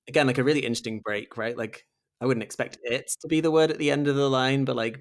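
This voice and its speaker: A man's voice: medium pitch, fast, creaky. A man hosting a podcast, reading a poem closely in conversation, enthusiastic and often saying "like" and "right?". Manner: enthusiastic, says "like" and "right?" a lot. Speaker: podcast host.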